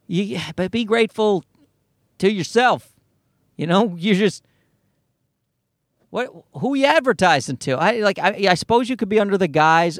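A man's voice: sits high, dry recording, studio quality. A man hosting a comedy podcast, ranting in a worked-up way and swearing freely. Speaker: podcast host.

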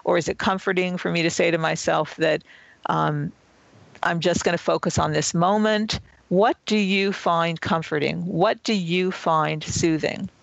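A man's voice: a little high, steady tone, unhurried, vocal fry, fairly bright tone, dry recording, low-quality recording. A man, the author, answering an interview question and patiently explaining self-help skills one step at a time. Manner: earnest, patient, step-by-step teaching. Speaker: author and guest.

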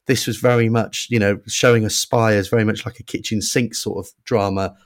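A man's voice: on the low side, fairly even intonation, fairly quick. Jokey male radio presenter. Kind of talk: casual radio chat.

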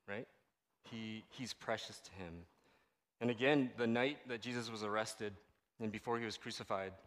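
A man's voice: on the low side, big-room sound. A man giving a casual, conversational sermon as a pastor, often checking in with the audience. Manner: animated, conversational, asks the audience "right?" often.

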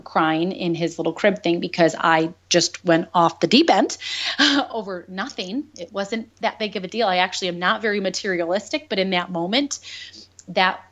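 A woman with a lower-pitched voice speaks as a podcast guest, laying out a hard personal story in an earnest, open way. She laughs now and then even at painful moments. The recording sounds dull and lo-fi.

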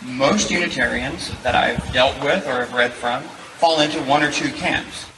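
A man with a Southern US accent gives a debate statement, conversational and self-deprecating. His voice sits in a middle pitch. He is recorded from a distance in an echoing room with clear background noise. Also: moderate pace. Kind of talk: formal debate opening statement.

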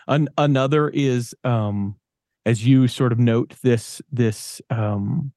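A man's voice: mid-range voice, slow, dark tone, no echo. Man asking long, searching questions, dry sound. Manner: searching, lots of "you know" and "sort of". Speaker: podcast host. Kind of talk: conversational podcast interview.

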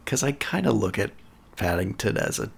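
Low, raspy, crackly guy chatting on a podcast, kinda hesitant. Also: sing-song, moderate pace. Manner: hesitant, with fillers and laughs. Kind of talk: casual podcast chat.

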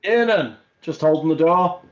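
A man's voice: on the high side, lively intonation, unhurried. Laid-back man running a tabletop game. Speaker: game master. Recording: dull lo-fi audio.

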